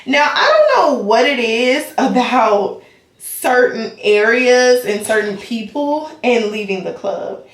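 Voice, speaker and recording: A young woman, telling a story to her vlog camera in a dramatic, animated way with laughs. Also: fairly high pitch, slow, echoey room. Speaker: vlogger. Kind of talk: casual storytime chat.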